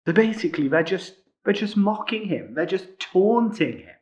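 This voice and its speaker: Man, preacher, sermon, chatty delivery with tag questions, fairly high voice, muffled lo-fi sound. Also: sing-song, normal speed, few pauses, darkish tone. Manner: conversational, with frequent rhetorical tag questions. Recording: muffled lo-fi recording.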